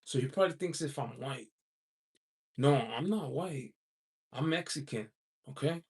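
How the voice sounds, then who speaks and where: A man from the United States hosts a casual livestream in an animated, slightly slow, mid-range voice with a breathy edge. He reads viewers' chat, rambles through many "you know" asides, and chuckles a lot.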